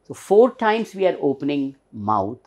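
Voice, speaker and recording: A man's voice: fairly high pitch, sing-song, a little slow, darkish tone. A man teaching a pronunciation lesson, patiently spelling out and repeating words. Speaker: English teacher.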